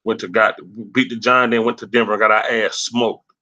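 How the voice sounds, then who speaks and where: A man hosting a sports livestream, ranting angrily and cursing, swinging between loud rants and low mutters. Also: little pitch movement, fairly quick, lo-fi sound. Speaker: sports channel host. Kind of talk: profane livestream sports rant.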